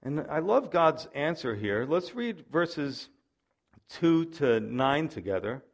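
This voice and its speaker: A male pastor preaching in an easy, conversational style, spinning stories into his sermon. His voice sits a little on the high side for a man. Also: very animated, takes it slowly.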